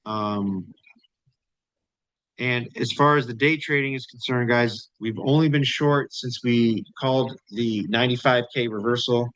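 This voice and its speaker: A man's voice: mid-range voice, unhurried, fairly bright tone, no echo, low-quality recording. A man hosting a trading channel, talking casually through charts. He repeats phrases for emphasis and keeps checking in with "right?" and "you know".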